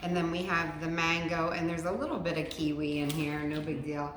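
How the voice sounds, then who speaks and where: A woman's voice: sits low, fairly even intonation, brisk. A woman hosting a casual home cooking video, chatty and enthusiastic, walking through a recipe in her kitchen. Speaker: cooking channel host. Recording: very echoey kitchen with faint noise.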